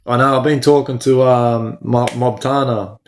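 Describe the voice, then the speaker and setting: An Australian man of middle age hosts a casual livestream, reading out viewers' names and answering them. His speech is loose and slangy, peppered with "bro", at an ordinary mid pitch for a man. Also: steady tone, unhurried, a little hiss or hum. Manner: slangy, talks to chat by name, says "bro" a lot. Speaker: livestream host.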